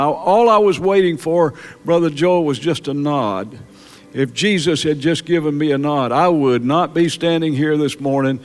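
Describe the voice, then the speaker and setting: A man preaching a sermon in church, halting and repeating words, then building to emphatic peaks. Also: on the high side. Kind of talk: sermon testimony.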